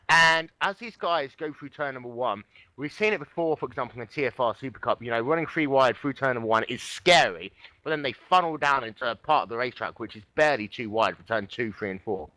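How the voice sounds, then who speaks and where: Bright, chatty male race commentator. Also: mid-range voice, no echo, rough recording. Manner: chatty, joking, upbeat. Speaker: lead commentator. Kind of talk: live sim racing commentary.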